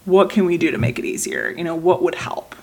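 A woman in her thirties co-hosts a casual podcast chat. Her voice is slightly husky and swings widely in pitch. She tells personal stories with feeling. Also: brisk. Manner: emotional, animated storytelling with acted quotes. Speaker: podcast co-host. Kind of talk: casual conversation.

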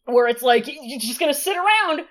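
High-pitched sweary podcast woman. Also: a little fast. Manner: lively, sweary, laughing along. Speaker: podcast co-host. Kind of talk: casual podcast recap chat.

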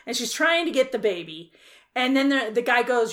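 A woman's voice: a little high, moderate pace. A woman co-hosting a casual podcast, retelling a film's plot with swearing and acted-out quotes. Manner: profane, animated storytelling with acted quotes. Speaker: podcast co-host. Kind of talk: casual chat, film rant.

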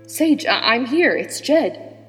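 A woman's voice: mid-range voice, a little slow, lightly acted. A woman voicing a skeptical, irritable man who speaks with impatient exasperation. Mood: exasperated. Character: skeptical, irritable grown man keeping vigil. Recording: long reverb with background music.

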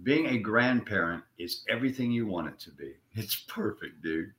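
An older man, an actor, talks casually in a rambling way and repeats his words as he gathers his thoughts. His voice sits a little low but sounds bright and forceful. The room around him is echoey. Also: lively intonation, normal speed. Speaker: actor guest. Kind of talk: casual interview.

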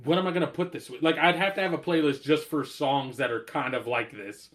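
A man's voice: on the high side, fairly quick, a bit bright. A man co-hosting a casual music chat, rambling with many fillers and some swearing. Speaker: podcast co-host.

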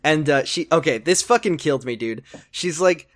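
A young man co-hosting a casual chat, dry and sardonic, cracking deadpan jokes about what happens. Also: on the high side, a little fast, few pauses. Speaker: podcast co-host recapping a TV episode.

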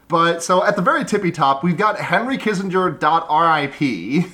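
A man's voice: on the high side, animated, moderate pace, sharp tone. A man co-hosting a casual comedy podcast, rambling, restarting his sentences and laughing easily. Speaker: podcast co-host.

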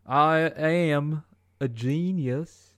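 A man's put-on impression of a bragging film director bursts out in a high, overblown Cockney accent. It is a loud, stagey voice, played for laughs on a podcast. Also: extremely slow, no room sound, clean studio sound. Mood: boastful.

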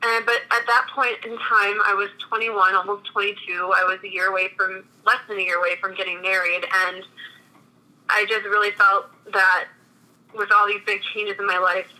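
A woman's voice: medium pitch, level tone, moderate pace, sharp tone, poor audio. A woman in her thirties from Minnesota, telling her own story in a chatty way with many restarts. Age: 30s. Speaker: guest. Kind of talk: casual interview conversation.

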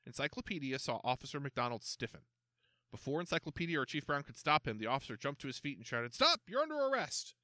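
A man reading a children's mystery story aloud in an expressive, animated way. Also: mid-range voice, fast talker, no room sound. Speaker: narrator.

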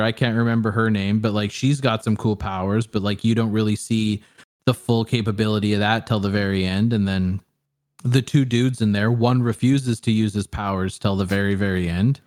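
Young male co-host, low-pitched and loose, rambling with fillers and profanity. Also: steady tone, normal speed, a little mellow. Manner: rambling, many fillers, frequent swearing. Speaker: podcast co-host reviewing a film. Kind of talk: casual chat.

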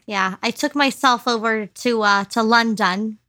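A woman co-hosting a podcast who tells her story in loose, chatty casual talk. Her voice is bright and forward, with a giggly ease and plenty of fillers. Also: fairly high pitch, measured pace. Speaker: podcast co-host. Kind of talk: casual chat.

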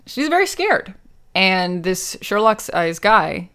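A woman's voice: big pitch swings, takes it slowly, a bit bright, smooth. A woman co-hosting a podcast, chatting casually and playfully as she recaps a TV episode. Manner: playful, jokey, acts out quotes with big swings in pitch. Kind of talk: casual chat.

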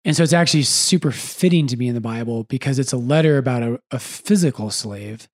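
A man who is a priest and podcast host, chatting casually and with animation, often breaking off to correct himself. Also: mid-range voice. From United States. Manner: animated, quick asides, self-correcting.

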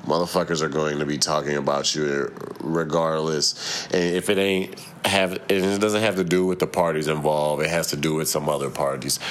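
A man's voice: rumbling low, a bit bright, a little hiss or hum. A young adult man hosting his own podcast, talking in a profane, heated, rambling rant. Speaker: podcast host. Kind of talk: casual solo podcast rant.

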